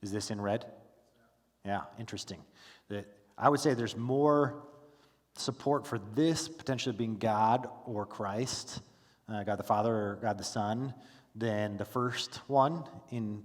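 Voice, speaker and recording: Low-voiced man teaching a Bible class in a reverberant hall. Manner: casual, with frequent fillers and restarts; asks the class questions. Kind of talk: conversational Bible lesson. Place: church classroom.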